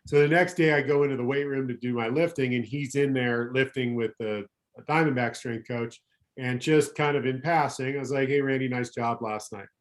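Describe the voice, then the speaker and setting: A middle-aged man, a former pro pitcher, telling anecdotes as a podcast guest in a rambling way, correcting himself as he goes. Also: fairly even intonation, normal speed. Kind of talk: casual storytelling chat.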